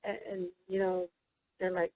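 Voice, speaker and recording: A woman guest telling a story in a halting, casual way, with many fillers and restarts as she quotes other people. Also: lowish voice, little pitch movement, no echo. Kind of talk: casual storytelling over the phone. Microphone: telephone. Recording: tinny dry phone line.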